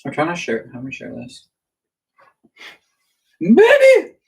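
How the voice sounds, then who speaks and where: A man's voice: mid-range voice, very fast, fairly bright tone. A man chatting casually on a live stream over a meal, telling a story in a gossipy way. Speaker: livestream co-host. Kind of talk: casual chat while eating.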